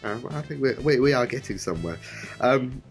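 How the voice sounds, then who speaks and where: A man's voice: medium pitch, animated, a little fast, faint music behind. A man co-hosting a casual podcast, rambling and hesitant with many ums. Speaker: podcast co-host.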